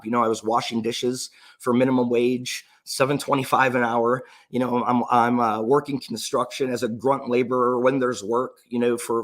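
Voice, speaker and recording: A man in his thirties, an entrepreneur, telling his personal story in an earnest, emotional way, often restarting his sentences. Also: medium pitch. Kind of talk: motivational personal story talk.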